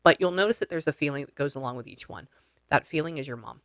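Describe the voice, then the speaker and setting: A man's voice: a little high, animated, fast, creaky, background noise. A man working as a spiritual medium, coaching a client step by step over a video call in a blunt, casual way and swearing freely.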